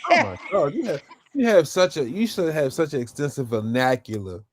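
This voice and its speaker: A man's voice: a little high, expressive, brisk. Male podcast host, casual and teasing, easygoing delivery. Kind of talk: casual chat.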